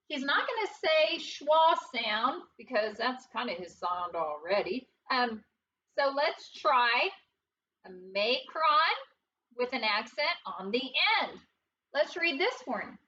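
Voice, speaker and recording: A woman teaching a phonics lesson, patient and deliberate, repeating words aloud and asking the students questions. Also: high voice, animated, pushed and bright, recorded from a distance, muffled recording, slight background noise. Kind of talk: slow, deliberate classroom instruction.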